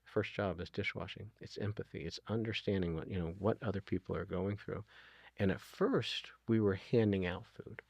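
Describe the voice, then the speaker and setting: Low gravelly middle-aged man, earnest. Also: moderate pace, darkish tone, dry recording. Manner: earnest, retells dialogue, frequent ums and you-knows. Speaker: guest, food nonprofit founder. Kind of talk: conversational interview storytelling.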